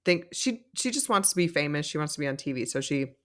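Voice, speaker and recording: Animated chatty woman podcaster. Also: sits low, fast talker. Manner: chatty, animated, lots of "like", laughs often. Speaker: podcast co-host. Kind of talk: casual reality TV recap chat.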